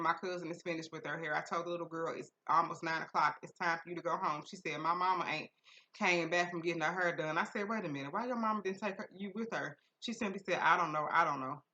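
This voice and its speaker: A woman podcast host reading a listener's story aloud in a casual, profane way, breaking into loud laughter and shrieking asides. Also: fairly low pitch, steady tone, fast talker.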